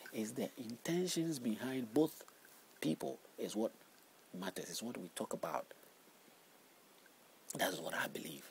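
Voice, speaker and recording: A man giving an informal spoken Bible teaching, reading scripture slowly and with emphasis between rambling explanations full of restarts. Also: low-pitched, vocal fry, rough recording. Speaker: lay preacher. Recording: faint background noise.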